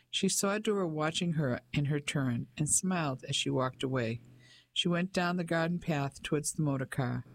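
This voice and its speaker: A man reading a novel aloud as an audiobook narrator, measured and expressive. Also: fairly high pitch. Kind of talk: scripted narration.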